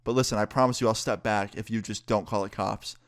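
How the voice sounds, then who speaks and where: A man quoting a defiant young woman in a story-time vlog, in a flat, sulky tone close to his own voice. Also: fairly low pitch, fairly quick, no echo, close to an everyday voice.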